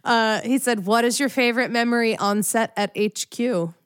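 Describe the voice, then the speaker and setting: A woman's voice: on the high side, normal speed, clear, resonant tone, no echo, clean studio sound. A young woman hosting a podcast, chatting casually and filling her talk with "like". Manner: chatty, lots of fillers like "like". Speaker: podcast host. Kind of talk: casual interview chat.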